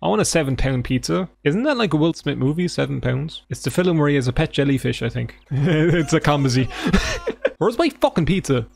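Sweary Irish man with a higher voice. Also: fairly quick, vocal fry. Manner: sarcastic, sweary, deadpan asides. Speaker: gaming streamer. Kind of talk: let's play commentary.

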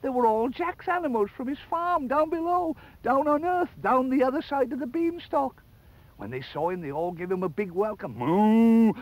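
Lively older man telling children's stories. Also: very high voice, normal speed, poor audio. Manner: lively, playful, chatty asides to the child viewer. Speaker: children's storyteller and presenter. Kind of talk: animated storytelling for children.

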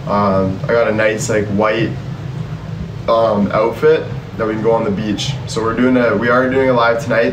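A man's voice: mid-range voice, noisy background. Upbeat man live-streaming from a phone. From Canada. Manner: upbeat, addresses viewers directly, reads out chat. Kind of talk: casual live-stream chat. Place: outdoors by the sea. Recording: echoey and distant with loud ambience.

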